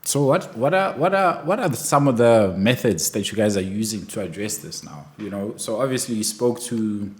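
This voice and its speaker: A man's voice: fairly low pitch, expressive, normal speed, few pauses. A man hosting a conversational interview, asking questions and giving frequent short affirmations. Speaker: podcast host. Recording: roomy echo.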